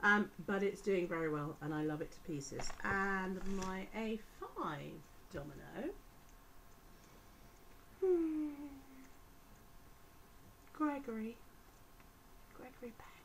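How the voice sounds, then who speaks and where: A woman's voice: on the low side, expressive, measured pace, vocal fry, fairly bright tone, a little hiss or hum, rough recording. A woman, a teacher, talking through a casual vlog complaint in a chatty, sarcastic, exasperated way. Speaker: vlogger.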